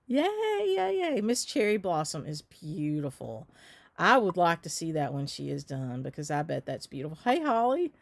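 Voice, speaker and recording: A woman's voice: low-pitched, very animated, moderate pace, gravelly, dry recording. A Southern American woman hosting a casual live stream, chatting and answering viewer comments with lots of ums. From Southern United States. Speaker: shop owner hosting a live stitch.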